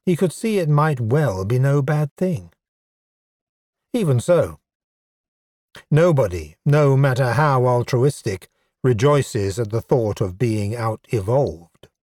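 Male audiobook narrator, unhurried and wry; dry, close studio read. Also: mid-range voice, animated, a little mellow, no echo. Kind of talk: scripted narration.

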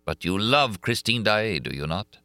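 Storybook figure: solemn older stranger, slow and measured, deep voice, dry sound, read by a male narrator. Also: expressive, pushed and bright, dry recording. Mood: grave. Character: grave older foreign man, sad and secretive.

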